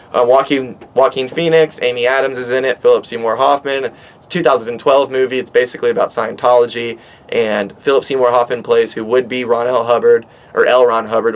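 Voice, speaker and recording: Swearing, rambling man telling a story outdoors. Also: medium pitch. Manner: animated, swears a lot, rambling with restarts. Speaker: vlogger. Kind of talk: casual storytelling monologue. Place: outdoors on a back porch by water.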